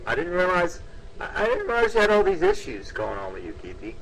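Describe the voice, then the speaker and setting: Male podcast host, raised gravelly voice, crude teasing banter. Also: sits high, wildly swooping pitch, brisk, crowd noise, poor audio. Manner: swearing, teasing banter with laughs. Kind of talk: casual chat.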